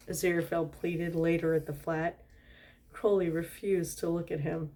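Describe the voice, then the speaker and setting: A woman's voice: on the low side, flat delivery, normal speed, dark tone. A tipsy woman doing a storytime reading, giggling and breaking off with asides and laughter.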